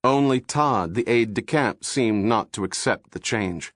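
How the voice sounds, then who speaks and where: A man reading a thriller audiobook in steady, measured narration, recorded on a studio microphone. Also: mid-range voice, no room sound.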